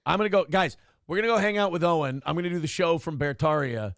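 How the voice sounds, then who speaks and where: A man's voice: fairly high pitch, fast talker, no room sound, studio quality. A man co-hosting a streamed talk show, chatting in loose, profane banter and slipping into joke voices. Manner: animated, swings into jokey put-on voices.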